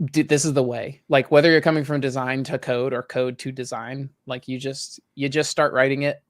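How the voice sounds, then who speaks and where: Thirties male podcast co-host, chatty and animated, mid pitch, dry recording. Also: moderate pace, dry recording. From Southern US. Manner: animated storyteller, many "like" fillers. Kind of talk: casual chat.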